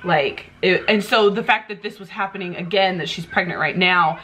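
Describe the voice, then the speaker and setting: A woman's voice: on the low side, normal speed, fairly bright tone, a little hiss or hum. A young woman casually commenting on her own video, explaining what happened in a conversational way.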